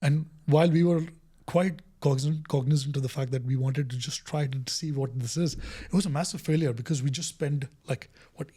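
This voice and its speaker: A man's voice: fairly high pitch, fairly quick, husky. A middle-aged man, a guest, talking through a story in an interview and acting out the quoted lines. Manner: animated storyteller who acts out quoted dialogue. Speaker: guest, innovation director.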